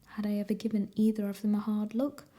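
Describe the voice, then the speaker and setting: A woman reading a novel aloud as an ASMR reader, in a soft whispered role-play. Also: medium pitch, little pitch movement, quick pace.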